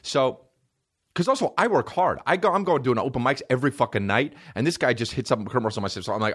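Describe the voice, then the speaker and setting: A man in his thirties, a podcast host and comedian, telling a comic story in an excitable, profane way. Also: medium pitch, fast, breathy edge.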